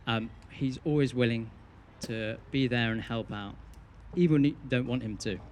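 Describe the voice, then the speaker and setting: A man's voice: mid-range voice, moderate pace, darkish tone, slight background noise. A young man giving a best man's wedding speech, telling a teasing story with dry punchlines.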